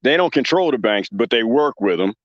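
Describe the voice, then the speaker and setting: Live-stream host, rambling and joking, very lively pitch, dull lo-fi mic. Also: male voice, fairly quick, no echo. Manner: rambling, joking, laughs often, reads out chat.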